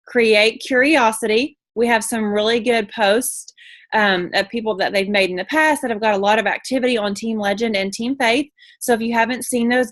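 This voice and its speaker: Bubbly chatty woman, higher voice. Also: fairly bright tone, no echo. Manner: bubbly, chatty, many fillers. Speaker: network marketing team leader. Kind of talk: casual training talk.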